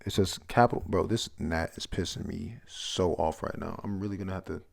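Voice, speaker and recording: A man's voice: low voice, steady tone, moderate pace, gravelly. A man reviewing a comic chapter in rambling casual chat, swearing and reading panels aloud.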